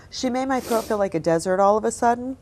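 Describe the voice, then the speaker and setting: A woman hosting as a psychic medium, giving a reading in a gentle, apologetic, emotional way that often drops to a soft hush. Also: a little high.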